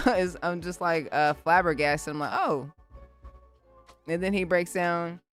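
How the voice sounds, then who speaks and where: A woman with a fairly low voice and a slightly slow pace hosts a live music-production stream. She's a beatmaker who chats casually and animatedly, speaking straight to her viewers.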